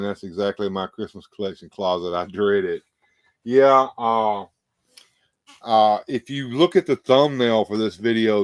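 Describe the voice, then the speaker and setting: A man hosting a casual livestream, tired and out of breath, talking in halting, rambling bursts full of fillers and restarts. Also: on the low side, no room sound. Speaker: livestream host. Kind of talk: casual livestream chat, reading viewer comments.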